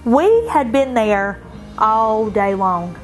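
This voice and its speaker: An animated woman tells her own story in an interview. Her voice sits a bit high, she laughs easily and lifts her pitch further when she quotes herself. Soft music plays behind her. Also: takes it slowly, rough recording. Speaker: bride interviewed about her engagement. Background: soft background music.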